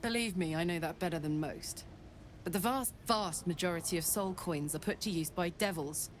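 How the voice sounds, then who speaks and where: A woman's voice: lowish voice, moderate pace, a little hiss or hum, close to an everyday voice. A woman playing a brash, hearty tiefling warrior. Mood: breezy. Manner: blunt, hearty and breezy. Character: brash cheerful female tiefling warrior with a fiery engine heart. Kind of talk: video game voice acting.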